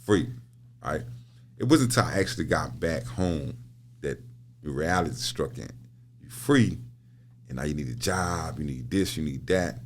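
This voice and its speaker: A man's voice: rumbling low, animated, moderate pace, long pauses, a little hiss or hum. A middle-aged man talking as a podcast guest in casual conversation, telling stories with repeated words and frequent laughter. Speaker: podcast guest, prison minister. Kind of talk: casual interview talk.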